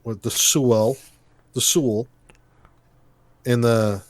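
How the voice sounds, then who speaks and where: A man's voice: medium pitch, fairly even intonation, takes it slowly. A man co-hosts a podcast in easy, casual chat. His talk rambles and restarts, with a mid-range voice. The sound is dry and close, with no room echo. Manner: rambling, restarts often, laughs easily. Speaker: podcast co-host. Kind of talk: casual chat about tabletop games.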